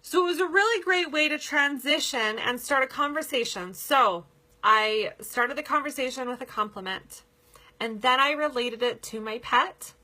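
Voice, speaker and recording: Upbeat woman coaching her team, kinda high bright voice, chatty, laughs a lot. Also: normal speed. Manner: upbeat and chatty, often laughing, with many fillers. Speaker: pet products sales team leader giving a training talk. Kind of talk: casual coaching talk.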